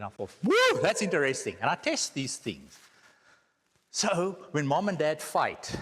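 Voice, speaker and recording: A man's voice: mid-range voice, a bit bright. A South African man giving a church teaching talk with slides, joking and asking the room rhetorical questions. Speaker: guest speaker. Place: church hall. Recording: echoey hall.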